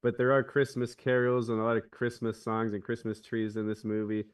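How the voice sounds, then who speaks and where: A man's voice: fairly low pitch, monotone, fairly quick, clean tone, distant mic. A man on a podcast, chatting casually and retelling a film scene with many restarts. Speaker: podcast co-host. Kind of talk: casual chat.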